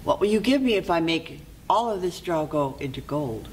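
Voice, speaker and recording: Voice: mid-range voice, lively intonation, normal speed, a little hiss or hum, lightly acted. A storyteller voicing a small, sly, bargaining magic man in a spoken folk tale, in a matter-of-fact, teasing way, with faint room ambience.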